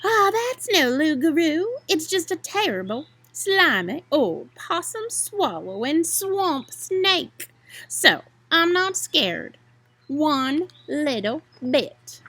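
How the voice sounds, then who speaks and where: A woman voicing a young, forgetful boy possum who scares easily, in high breathless exclamations. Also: very animated, slow pace, fairly bright tone, no echo, heavily acted. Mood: relieved.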